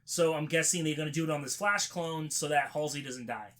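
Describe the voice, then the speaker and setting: A man co-hosting a podcast, chiming in with quick agreements and short takes in a casual review chat. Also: a little high, a bit bright. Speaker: podcast co-host.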